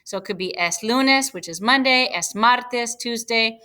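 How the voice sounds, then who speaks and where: A woman teaching a Spanish lesson over slides, explaining each step patiently and spelling words out slowly. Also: on the high side, pushed and bright. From United States.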